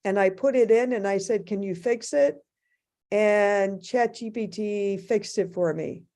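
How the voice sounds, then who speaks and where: A woman speaking as a faculty panelist in an academic discussion, thoughtful and halting, with many restarts. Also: medium pitch, darkish tone.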